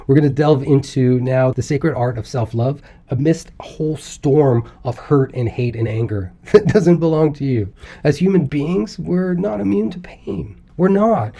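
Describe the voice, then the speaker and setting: A man giving a self-help video talk as a recovery coach, calm and encouraging, with casual asides and the odd laugh. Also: mid-range voice.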